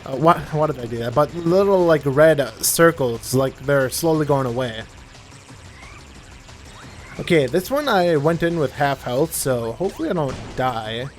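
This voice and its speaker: A man's voice: a little high, lively intonation, measured pace, soft background music. Rambling young man commenting on gameplay. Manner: rambling, self-correcting, chatty. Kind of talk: casual let's-play commentary.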